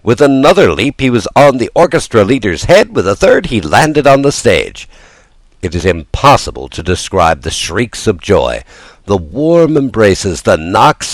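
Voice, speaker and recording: A man narrates a children's classic in a low, resonant-sounding register, his pitch rising and falling with theatrical life. The recording is close and dry, with no room sound. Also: no room sound. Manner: lively, theatrical delivery. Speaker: audiobook narrator. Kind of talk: expressive storybook reading.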